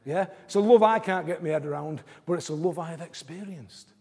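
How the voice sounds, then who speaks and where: Male preacher, high and husky, repeats phrases, loud bursts then hushed lines, large hall reverb. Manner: repeats phrases, swings from loud and fast to quiet and slow. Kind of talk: sermon. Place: church service in a large hall.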